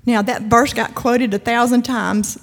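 A woman's voice: a little high, steady tone, unhurried. A woman giving a conversational, emphatic sermon-style talk at a church event, with humor and frequent asides. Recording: long hall reverb.

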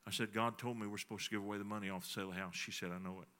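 Pastor guy, bright forceful voice, folksy sermon story. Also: lowish voice, steady tone, racing. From Texas. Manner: folksy storytelling, talks to the congregation.

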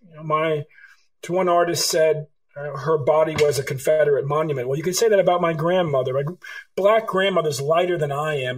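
A rough recording captures a man whose voice tends high. The middle-aged Californian author, a guest in an interview, responds with animated stories, playing out the dialogue as he goes.

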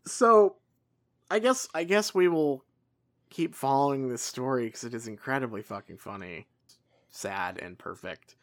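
A woman co-hosting a casual podcast, talking in a relaxed, wry, drawn-out way. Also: very deep voice, no room sound, studio quality. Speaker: podcast co-host.

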